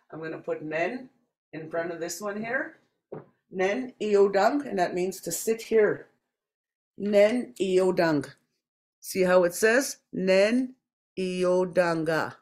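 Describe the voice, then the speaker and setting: Patient language teacher from Saskatchewan, mid-pitched, very slow delivery, roomy echo. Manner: repeats each word slowly and deliberately, patient explaining. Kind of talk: slow spoken language lesson.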